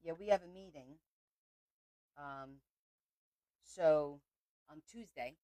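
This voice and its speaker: Woman, craft livestream host, casual rambling chat, lowish voice, dry close sound. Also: slow pace, warm tone, no room sound, rough recording. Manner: chatty, rambling, talks to viewers.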